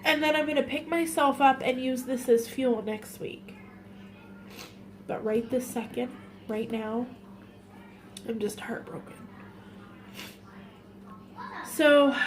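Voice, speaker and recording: A woman vlogger speaking in an emotional, halting way, tearful and often repeating herself in a confessional vlog. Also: a little high, darkish tone, a little hiss or hum.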